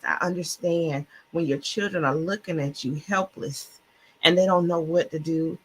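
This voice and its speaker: A woman's voice: deep voice, normal speed, a bit bright, husky. A woman guest co-author on a faith-filled podcast, talking with passion, sometimes stumbling over words and admitting she stutters. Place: Clubhouse-style online audio room.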